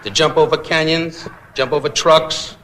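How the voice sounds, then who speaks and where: A man doing rapid-fire insult comedy at a roast, mimicking voices. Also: a little high, fairly even intonation. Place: banquet hall stage. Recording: old roast broadcast, roomy, loud noise.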